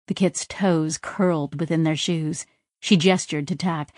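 A lowish-voiced woman narrates from a script, telling an audiobook story evenly and with measured pacing. The clean studio sound carries no echo.

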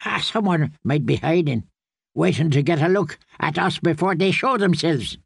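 A man doing a high, anxious male fool. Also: moderate pace, vocal fry, husky, dry recording, studio quality. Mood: calling. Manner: calling out, whimpering. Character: frightened male fool, a hapless guide.

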